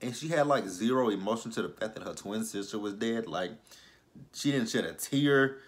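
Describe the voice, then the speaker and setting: A man's voice: lowish voice, lively intonation, moderate pace. A man giving a casual, chatty recap of a TV episode, loose and full of fillers. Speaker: TV show reviewer.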